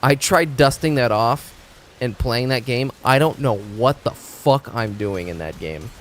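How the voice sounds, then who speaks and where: This male game streamer speaks at a measured pace with a medium-pitched voice. His live-stream chat is casual, rambling and profane, and he keeps stumbling over words and restarting sentences.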